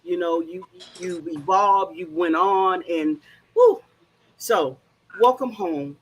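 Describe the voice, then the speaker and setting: A woman hosting a casual show, playful and animated. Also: fairly low pitch, slow, husky, low-quality recording. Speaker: host.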